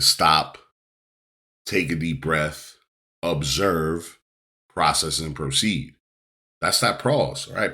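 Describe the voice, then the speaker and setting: A man's voice: rumbling low, sharp tone. A middle-aged man hosting a podcast, coaching listeners on self-awareness in an emphatic, repetitive way, often checking in with "right?". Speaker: life coach and podcast host. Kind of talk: motivational podcast monologue.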